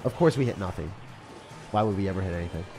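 A young man giving live commentary on his game as a streamer, swinging between loud outbursts and low muttering. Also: lively intonation, quick pace. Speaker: gaming streamer. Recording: faint music behind voice.

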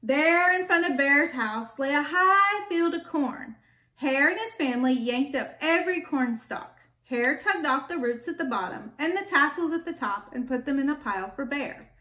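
A woman reading a picture book aloud to children, gentle and stopping to ask them questions. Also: high voice, lively intonation, moderate pace. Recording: echoey room with faint background.

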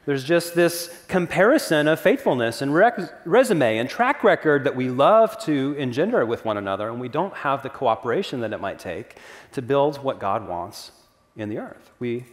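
A man's voice: medium pitch, sing-song, moderate pace. A man preaching a sermon as pastor, earnest and conversational, with casual asides to the congregation. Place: church sanctuary. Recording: long reverb of a church hall.

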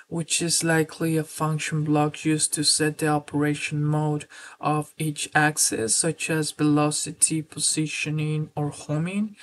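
A woman presenting a screen-recorded software tutorial, explaining steps steadily and filling pauses with "uh". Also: low-pitched. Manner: steady explanatory walkthrough with filler words.

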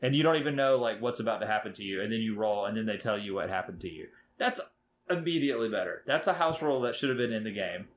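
A man's voice: lowish voice, lively intonation, quick pace, slight background noise. A man hosting a casual board game podcast, talking enthusiastically and rambling with many fillers. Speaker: podcast host.

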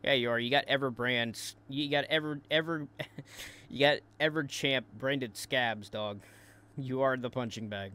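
Male commentary host, mocking and profane, mid-pitched everyday voice, stumbles over repeats. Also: fairly even intonation, unhurried, sharp tone, clean tone. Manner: taunting, crude, repeats words in bursts.

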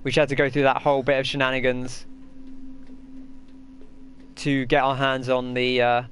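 A man's voice: medium pitch, completely flat delivery, normal speed, fairly bright tone, slight background noise. A man giving chatty, rambling gameplay commentary and answering his chat as he plays. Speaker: gaming host.

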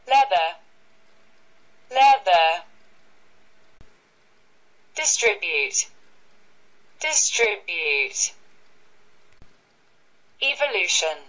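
Slow, deliberate woman reading vocabulary. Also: lowish voice, sharp tone, rough recording. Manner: says each single word twice, with pauses. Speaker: vocabulary reader. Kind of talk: slow word-list reading for learners.

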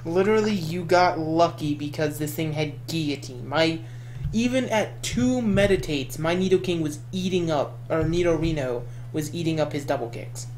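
A man's voice: a little high, normal speed, darkish tone, slight background noise. A man chatting casually while playing a video game, complaining and trading competitive banter. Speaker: gaming streamer.

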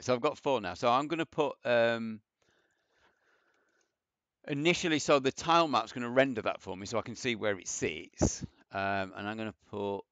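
A man's voice: fairly low pitch, a bit bright, dry recording. A man casually thinking aloud through a programming tutorial, rambling and self-deprecating as he types. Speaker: programming teacher. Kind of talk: casual coding tutorial with screen share. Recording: dull, lo-fi dry mic.

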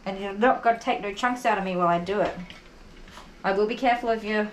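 A woman's voice: mid-range voice, fast, a little hiss or hum. Soothing woman groomer, echoey room. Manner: soothing, repetitive praise, chatty. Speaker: dog groomer. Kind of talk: talking to a dog while grooming, asides to viewers. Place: grooming salon. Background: electric clippers buzzing.

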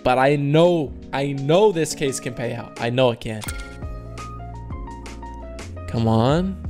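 A young man hosting a case-opening video takes his time, speaking slowly in a mid-range voice over soft music. In casual slang aimed at his viewers, he alternates between groaning at losses and loudly celebrating wins.

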